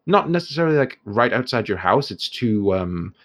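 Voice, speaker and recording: Guy running a tabletop game, pitch jumps all over, laughs a lot. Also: moderate pace. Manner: lively, laughs often, many fillers. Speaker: game master.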